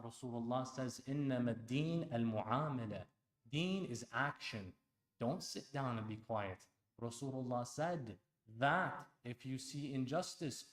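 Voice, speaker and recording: A man preaching a sermon at an Islamic center, impassioned, dropping to a hush and then rising loud, firing rhetorical questions at the congregation. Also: medium pitch. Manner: impassioned, swings between hushed and loud; asks the audience pointed rhetorical questions. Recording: echoey hall.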